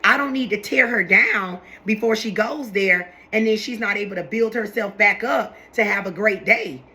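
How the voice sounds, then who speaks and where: A woman's voice: medium pitch, moderate pace, few pauses, pushed and bright. A young woman, chatting casually and animatedly to her viewers, repeating herself as she makes her points. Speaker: vlogger talking to her viewers. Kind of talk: casual live chat to camera.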